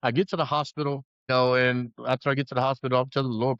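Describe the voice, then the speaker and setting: A man's voice: medium pitch, flat delivery, rapid-fire, few pauses, a bit bright, dry recording, lo-fi sound. A man as a podcast guest, earnestly telling a personal story in a rambling way full of restarts.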